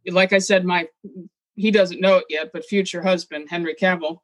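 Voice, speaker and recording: A woman guest in an interview, talking in an animated, opinionated way with quick asides. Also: fairly low pitch, no room sound. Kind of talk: casual interview chat.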